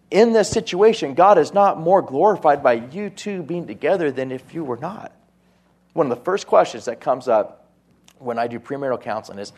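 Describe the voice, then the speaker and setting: Man, pastor, conversational sermon, quoted voices, mid-pitched voice. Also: a little mellow.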